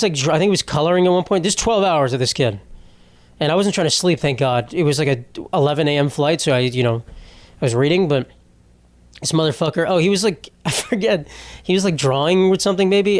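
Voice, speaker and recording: A man hosts a comedy podcast in a somewhat high voice, meandering through profane stories and cracking himself up. The sound is close and dry, without echo.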